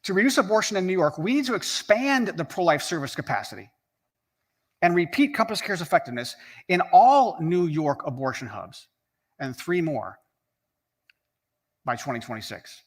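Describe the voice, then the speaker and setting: A man's voice: fairly high pitch, big pitch swings, moderate pace, long pauses. A man. He is earnest and emphatic, and he stacks up repeated phrases to build momentum. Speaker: rally speaker. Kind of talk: scripted speech.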